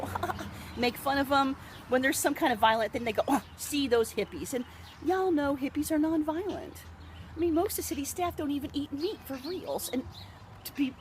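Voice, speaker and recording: A woman's voice: high-pitched, slight background noise, low-quality recording. A woman, chatting in a rambling, improvised monologue and laughing often. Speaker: local video host.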